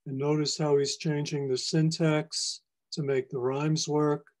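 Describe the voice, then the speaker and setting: A poet giving a library lecture on poetry, explaining lines in a measured, teacherly way. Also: male voice, a little high, level tone, darkish tone. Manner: measured, explanatory, reads lines aloud for emphasis. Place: public library presentation.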